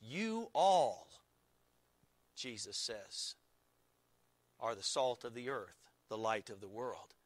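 A man preaching a sermon as pastor, slow and deliberate, stressing key words with emphatic repetition. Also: mid-range voice, bright, forceful tone, no echo.

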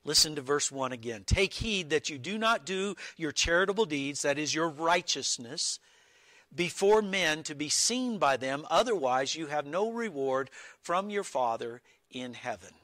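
A man's voice: a little high, animated, bright, forceful tone, dry recording. A man preaching an earnest expository sermon, reading Bible verses and stressing key words with small restarts. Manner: slow, deliberate with small restarts.

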